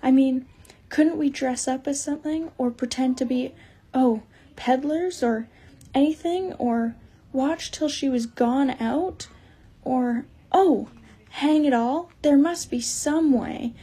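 A woman's voice: high voice, slow, dark tone, slightly rough, exaggerated voice. A woman voicing an eager, stubborn young boy in an audiobook, impatient and scheming. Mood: urgent. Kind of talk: audiobook character reading.

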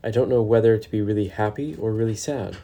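A man voicing a soft, hesitant girl squirrel. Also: lowish voice, quick pace, close to an everyday voice. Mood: wistful.

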